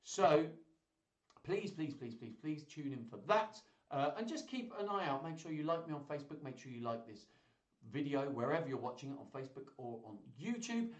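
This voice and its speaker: A man's voice: medium pitch, reverberant. A man hosting a children's singalong livestream, chatty and playful. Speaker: children's entertainer. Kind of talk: live-streamed kids' singalong chat.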